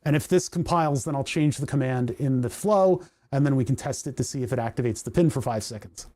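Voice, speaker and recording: A man's voice: mid-range voice, a little fast, dark tone, dry recording, studio quality. A man streaming live, thinking aloud as he writes code, often correcting himself and openly unsure. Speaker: streamer coding a hardware project. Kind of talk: casual livestream coding commentary.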